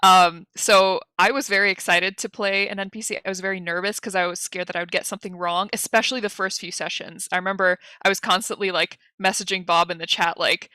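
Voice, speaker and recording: Young woman, guest player, bright and dry close sound, chatty and laughing on a video call. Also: mid-range voice, steady tone, no room sound. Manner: chatty, laughing, quick storytelling. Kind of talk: casual chat.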